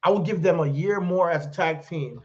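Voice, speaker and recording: A man co-hosting a wrestling podcast in relaxed casual chat, laughing easily and using many fillers. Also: fairly high pitch, brisk. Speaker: podcast co-host. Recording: dull lo-fi sound.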